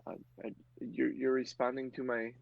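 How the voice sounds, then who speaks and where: A man's voice: medium pitch, completely flat delivery, creaky, phone-quality sound, pitched above the performer's own voice. A man voicing a frightened, grieving woman in her mid-forties who stammers and halts as she speaks. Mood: shaken. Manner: stammering, halting.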